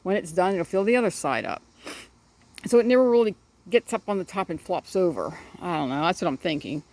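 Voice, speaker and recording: A woman's voice: lowish voice, animated, brisk, a little mellow, no echo. A middle-aged woman rambling casually about her backyard garden and chickens, chatting to her birds as she films on a phone outdoors.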